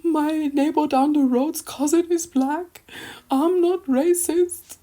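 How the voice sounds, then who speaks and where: A woman putting on a high, whiny voice to mock a defensive person who denies being racist. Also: steady tone, slow, dark tone. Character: defensive white person denying racism, mocked.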